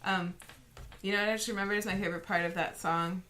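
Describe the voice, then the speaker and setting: A woman co-hosts a podcast in casual chat, talking fast with many fillers and restarts. Her mid-range voice has fairly even intonation and a bright, forceful tone.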